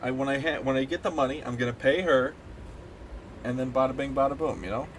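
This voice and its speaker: A man's voice: mid-range voice, fairly even intonation, quick pace, a little hiss or hum. A man streaming a game, chatting casually and ranting animatedly with plenty of swearing. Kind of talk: casual gaming stream chat.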